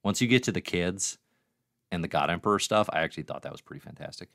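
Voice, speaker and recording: A man's voice: sits low, expressive, fast talker, vocal fry, fairly bright tone, no echo, clean studio sound. A man hosting a casual comics review livestream, chatty and reading viewer comments aloud. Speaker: livestream host.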